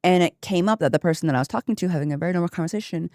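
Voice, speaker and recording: A woman streamer chatting casually with her viewers, telling a story with lively asides and laughter. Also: fairly low pitch, rapid-fire, no room sound, clean studio sound.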